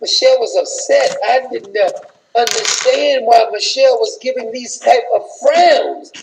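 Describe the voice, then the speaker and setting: A speaker with a gravelly voice tells a gossipy story in a mocking, slangy way. The delivery is animated and loose. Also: medium pitch, a little slow, background noise.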